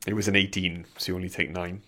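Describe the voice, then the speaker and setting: A man with a low, level voice that sounds bright and forceful is running a tabletop game as game master. He narrates combat and gives rulings in a measured way, hesitating with frequent fillers between rulings.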